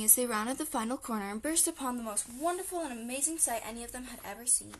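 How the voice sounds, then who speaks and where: A woman narrating a children's storybook in a lively, expressive reading. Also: a little high, fast, few pauses, a little hiss or hum. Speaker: audiobook reader.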